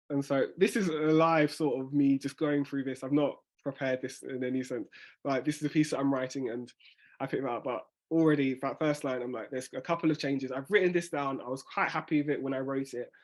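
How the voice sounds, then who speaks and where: A man, a spoken word poet, casually teaching a workshop and thinking aloud as he reads out and reworks his own lines. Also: medium pitch.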